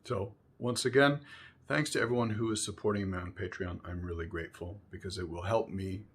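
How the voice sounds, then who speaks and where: A man giving a spoken music lesson, explaining calmly between sung examples, with violin playing behind him. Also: low voice, slightly rough. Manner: unhurried, explanatory, breaks into singing syllables. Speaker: music teacher.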